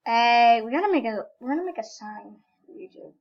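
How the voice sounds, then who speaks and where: Young female gameplay commentator, high voice, rambling and self-correcting, muffled lo-fi computer mic. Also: a little fast. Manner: rambling, self-correcting, sudden excited outbursts. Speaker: gaming YouTuber. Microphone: computer microphone with screen recorder.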